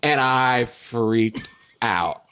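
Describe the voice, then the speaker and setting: A man's voice: medium pitch, extremely slow, bright, forceful tone, clean tone. A man co-hosting a podcast, telling a story in casual chat and acting out his own outrage with self-mocking humor. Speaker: podcast co-host.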